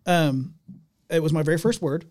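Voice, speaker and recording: A man hosting a podcast in casual chat, easygoing, laughing often and filling pauses with "um" and "uh". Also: a little high, a little mellow, dry recording, studio quality. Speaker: podcast host. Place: small podcast studio. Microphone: studio mic.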